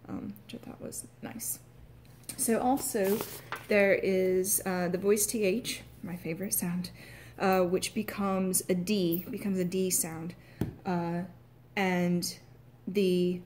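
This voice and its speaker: A woman's voice: lowish voice, a little mellow, a little hiss or hum. Hesitant Southern American woman explaining. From United States. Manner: hesitant, many filler sounds, clears throat. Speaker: actor practicing accents. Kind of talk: casual explanatory talk.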